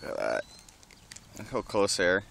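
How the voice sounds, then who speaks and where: A man casually filming outdoors, talking excitedly to birds and swearing often. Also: sits low, moderate pace, gravelly, slight background noise. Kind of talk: casual vlog narration.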